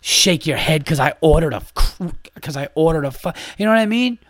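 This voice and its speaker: A man's voice: a little high, lively intonation, a little fast, fairly bright tone, no echo, clean studio sound. A man hosting a podcast, delivering an exasperated, profane monologue in a casual ranting way. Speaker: podcast host and comedian.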